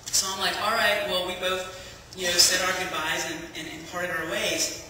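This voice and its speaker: A man's voice: high-pitched, steady tone, normal speed, pushed and bright, a little hiss or hum. A man giving a chatty personal testimony to a church congregation, telling his story with plenty of fillers. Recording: echoey hall from far off.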